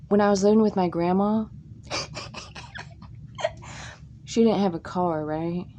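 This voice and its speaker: A woman from Tennessee telling crude, funny stories from her life in a casual, drawn-out way. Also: lively intonation, warm tone, lo-fi sound, a little hiss or hum. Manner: slow, drawn-out delivery with crude jokes and squeaky put-on quotes. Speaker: comic storyteller. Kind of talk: casual comic storytelling.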